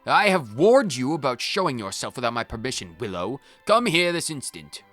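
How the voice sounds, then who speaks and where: A man's voice: mid-range voice, very animated, moderate pace, fairly bright tone, faint music behind. A man reading the lines of a stern, proud woman paladin in a video game, formal and commanding.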